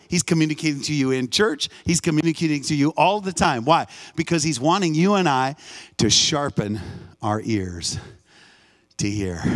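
Male guest preacher, higher pitch, emphatic live sermon in a church. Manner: emphatic, call-and-response, repeats phrases. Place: church sanctuary.

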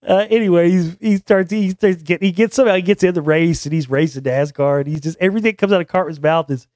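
A man's voice: high-pitched, fast, few pauses, darkish tone, no room sound, studio quality. A man in his forties hosting a show, talking in a rambling, blunt and profane casual monologue. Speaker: show host.

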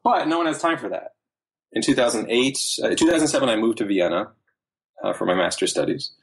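A man in his thirties, a podcast guest, telling his story in animated casual chat with quick asides. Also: mid-range voice, husky.

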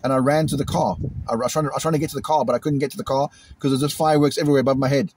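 A British man venting angrily in a vlog, repeating himself and imitating loud bangs, recorded outdoors. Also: mid-range voice, steady tone, racing, a little hiss or hum. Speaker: vlogger. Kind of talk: agitated monologue to camera. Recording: outdoors in a cemetery.

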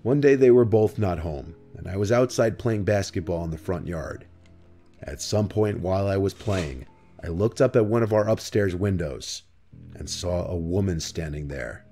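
Over a bed of background music, a horror story narrator reads first-person tales of the creepy kind. His voice is deep and steady, and his delivery stays calm and measured.

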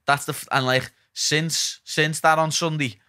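A man's voice: fairly high pitch, little pitch movement, measured pace, bright, forceful tone, no echo, studio quality. A young man with a Liverpool accent, chatting casually on a podcast as the guest and telling stories full of "lad". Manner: chatty storytelling, peppered with "lad". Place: podcast studio.

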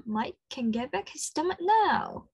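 A woman with an Australian accent leading an interactive children's lesson, slow and encouraging, full of praise. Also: sits high, big pitch swings, a little mellow, no room sound. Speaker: children's speech clinic presenter.

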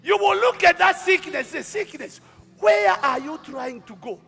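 A high, bright-voiced man with a Kenyan accent delivers a sermon at an unhurried pace. He shifts from quiet storytelling into shouted declarations. It is a live recording in a large hall with long reverb and faint music behind. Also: expressive, creaky. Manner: dramatic preaching that swings from quiet storytelling to shouting. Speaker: bishop.

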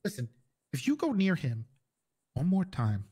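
A man playing a stern male officer in an improvised game role-play, giving calm, threatening warnings. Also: on the high side, unhurried, husky, full character voice.

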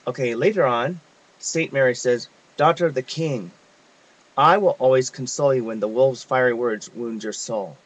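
A man's voice: medium pitch, moderate pace, poor audio. Man reading a devotional text reverently. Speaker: reader of devotional messages.

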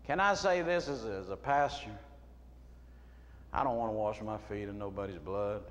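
A middle-aged man preaching a sermon as a pastor, moving between quiet storytelling and loud shouting. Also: fairly low pitch, moderate pace, muffled recording. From United States. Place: church sanctuary. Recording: long hall reverb, faint room noise.

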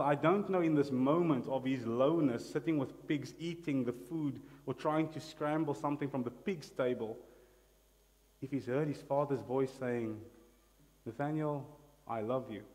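A man preaching a sermon in a voice of ordinary middle pitch. His delivery is emphatic, and he calls on the congregation to repeat words after him. His voice rings with the long reverb of a large church hall. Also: mellow. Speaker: pastor.

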